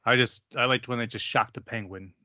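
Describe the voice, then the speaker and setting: A man co-hosting a podcast in a casual chat, animated and emphatic, often cutting himself off. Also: mid-range voice, brisk, no echo. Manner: animated, emphatic, self-interrupting. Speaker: podcast co-host.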